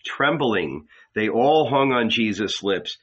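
A man narrating an audiobook in a measured, dramatic way. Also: fairly low pitch, animated, fairly bright tone, breathy edge, lo-fi sound.

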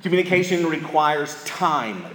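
A man's voice: on the high side, expressive, measured pace, a bit bright, slight background noise. A man, speaking at a church marriage seminar in a folksy, storytelling manner with emphatic repetition, recorded in an echoey hall. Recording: echoey hall with live audience.

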